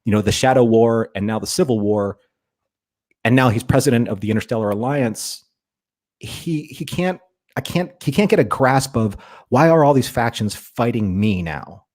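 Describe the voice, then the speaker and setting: A man's voice: mid-range voice, expressive, moderate pace, a little mellow. A man co-hosting a podcast, talking in a rambling, enthusiastic way about a favorite show. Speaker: podcast co-host. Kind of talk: casual fan discussion.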